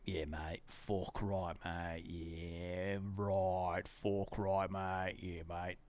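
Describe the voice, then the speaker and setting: A man putting on a low, gruff bloke voice, muttering a catchphrase over and over. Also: flat delivery, very slow, a little mellow.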